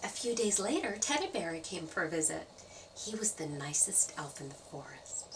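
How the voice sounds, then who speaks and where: A woman storyteller reading a children's story aloud, playful and expressive. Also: lowish voice, moderate pace, far from the mic, noisy background. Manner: expressive, playful sound effects.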